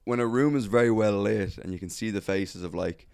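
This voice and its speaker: A man's voice: fairly low pitch, a little fast, creaky, a little mellow, smooth, no room sound, clean studio sound. A young man and stand-up comedian telling stories in a loose, sweary podcast chat.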